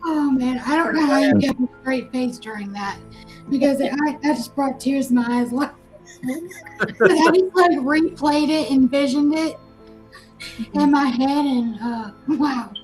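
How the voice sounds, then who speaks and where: A female co-host reacting with slow, amused remarks. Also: sits high, darkish tone, soft background music, poor audio.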